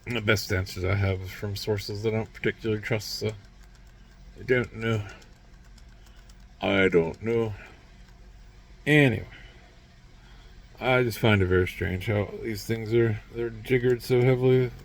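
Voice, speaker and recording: A man's voice: on the low side, normal speed. A man vlogging alone in a rambling, sardonic monologue full of grunts and muttered asides.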